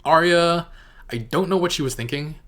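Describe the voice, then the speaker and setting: A man's voice: on the low side, lively intonation, a little fast, a bit bright. A man giving a casual spoken review of a TV episode, rambling and hesitant with many fillers and self-corrections. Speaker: TV reaction reviewer.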